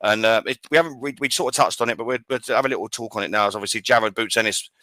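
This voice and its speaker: Brief: male podcast co-host, fast, bright edge, dry close sound, chatty with frequent restarts. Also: medium pitch, no room sound. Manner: rapid, stumbling restarts. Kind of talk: casual sports chat.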